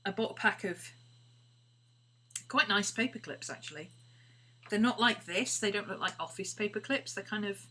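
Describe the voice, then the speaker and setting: A woman's voice: medium pitch, moderate pace, pauses often. A woman chatting casually while crafting on a live stream, often dropping to a murmur. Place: home craft studio. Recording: steady background hum.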